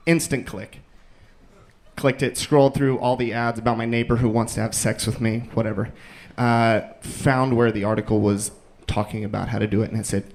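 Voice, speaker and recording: A man telling a stand-up bit in a halting, mumbly way on a club stage. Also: on the low side, fairly even intonation, gravelly. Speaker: open-mic comedian. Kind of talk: stand-up set.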